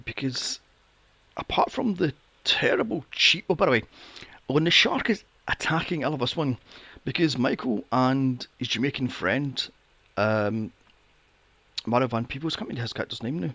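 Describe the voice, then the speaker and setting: A man's voice: medium pitch, expressive, moderate pace, sharp tone, breathy edge, dry recording. A man hosting a casual film review podcast, sarcastic and swearing freely. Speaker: podcast host.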